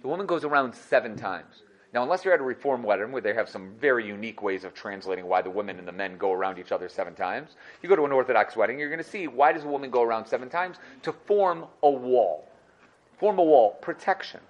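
A man teaching a lively Torah lesson, animated and acting out little scenes. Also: medium pitch, fast talker, dull audio. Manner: animated, acts out dialogue.

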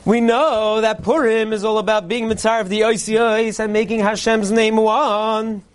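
A man delivering a parody Purim sermon, a mock-earnest preacher cadence and deadpan punchlines. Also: sits high, moderate pace, clear, resonant tone. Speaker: comedian delivering a mock Purim Torah speech.

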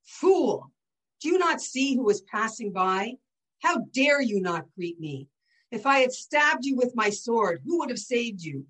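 A woman's voice: on the high side, expressive, moderate pace, fairly bright tone, low-quality recording. A woman voicing a proud, angry Roman nobleman who speaks in a haughty, commanding way while reading a story aloud.

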